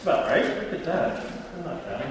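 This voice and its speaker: With a mid-range, sing-song voice and a measured pace, a man delivers a casual classroom lecture. He's chatty and often asks "right?", recorded in an echoey hall with faint room noise.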